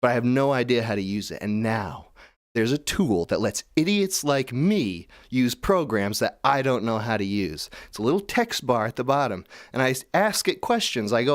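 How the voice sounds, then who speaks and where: A man's voice: mid-range voice, very animated, moderate pace, dry recording, clean studio sound. A man hosting a call-in show, ranting in a cynical, profane, rambling way. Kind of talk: casual rant.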